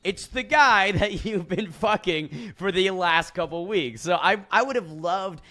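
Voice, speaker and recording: A man's voice: sits high, a little slow. Man recapping a reality show casually. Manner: animated storytelling, acts out quotes, swears. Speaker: podcast co-host.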